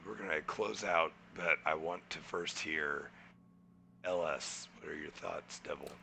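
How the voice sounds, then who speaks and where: A man's voice: extremely low pitch, a little slow, vocal fry, a little hiss or hum. A man co-hosting a podcast, telling a story in casual chat and acting out the people in it. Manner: animated, acts out quoted people in his anecdotes. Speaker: podcast co-host.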